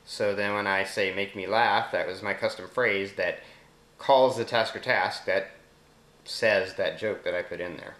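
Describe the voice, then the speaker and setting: Southern man demoing a phone app, roomy sound. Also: lowish voice. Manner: relaxed, explanatory, speaks voice commands slowly to the phone. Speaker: app demonstrator. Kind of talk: casual screen demo narration. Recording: roomy echo.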